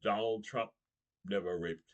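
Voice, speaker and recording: A man's voice: lowish voice, fairly even intonation, unhurried, highs cut off. A middle-aged man doing a political comedy monologue, talking straight to his audience and laughing between lines.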